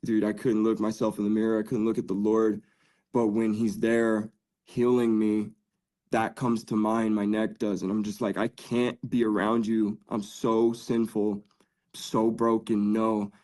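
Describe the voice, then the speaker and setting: A man's voice: fairly low pitch, dark tone. A man on a podcast telling his faith testimony in an earnest, casual way, full of "dude" and "like". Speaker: podcast guest.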